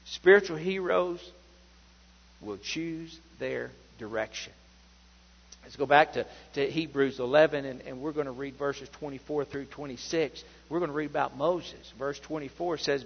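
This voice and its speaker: A high-pitched, gravelly man preaching a fervent sermon, his voice ringing with a long reverb through a church sanctuary. He swings from loud exclamations down to hushed asides, and the recording sounds slightly dull. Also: measured pace, a little hiss or hum. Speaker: pastor.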